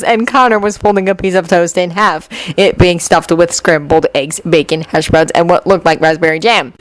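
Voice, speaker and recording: A woman reading fanfiction aloud as an expressive storyteller. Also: lowish voice, dry recording, low-quality recording. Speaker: fanfiction audiobook reader. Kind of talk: storytelling narration.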